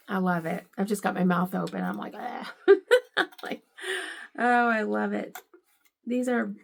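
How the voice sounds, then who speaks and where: A woman's voice: medium pitch, vocal fry, a little mellow, breathy edge. A middle-aged woman in a casual home vlog, unboxing gifts and gushing with delight, often repeating how much she loves each item. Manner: gushing, delighted, lots of "I love it".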